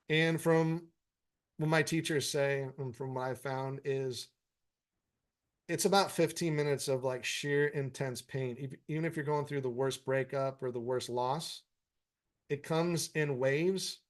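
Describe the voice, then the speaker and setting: Man, meditation teacher, informal live Q&A, blunt and profane but encouraging. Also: mid-range voice. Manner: frank, profanity-laced, encouraging. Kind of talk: casual live Q&A, reading viewer comments.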